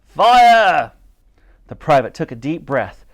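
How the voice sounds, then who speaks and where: A man reading a children's adventure book aloud, animated and switching between character voices. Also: medium pitch, normal speed. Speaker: storyteller.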